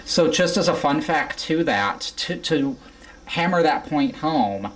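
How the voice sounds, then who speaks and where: A woman's voice: low-pitched, expressive, measured pace. A woman hosting a casual interview, curious and rambling, with many fillers. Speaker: podcast host.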